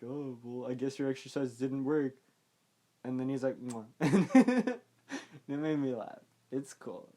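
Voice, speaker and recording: A man's voice: medium pitch, warm tone. A young man casually recapping a film, rambling and offhand, often trailing off with "like" and "I don't know.". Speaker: podcast host recapping a film.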